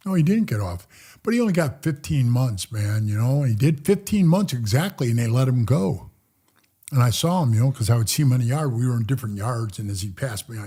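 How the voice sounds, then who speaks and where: Blunt, profane man with a husky, dark voice. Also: expressive, fast. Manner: blunt, profane, streetwise, drops to low mutters when recounting. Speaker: podcast guest. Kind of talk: casual storytelling interview.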